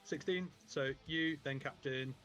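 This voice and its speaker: A man narrating as game master in a casual, rambling way, with a bright, forceful voice. His speaking pitch sits a little high for a man, and soft music plays behind him. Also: a little slow. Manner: casual, rambling, many fillers and restarts.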